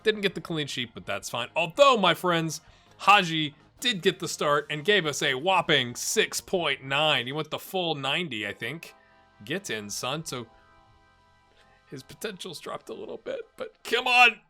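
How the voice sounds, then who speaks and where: A Scottish man hosting a casual let's-play from his home office, chatty and excitable, bursting into loud commentary when the match heats up. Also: a little high, unhurried, soft background music. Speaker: gaming channel host. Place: home office with a blue screen.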